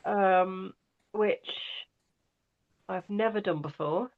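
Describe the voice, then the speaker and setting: A woman's voice: medium pitch, drawn-out words. Woman, audiobook narrator, casual interview, hesitant, muffled lo-fi sound. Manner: hesitant, many restarts and fillers.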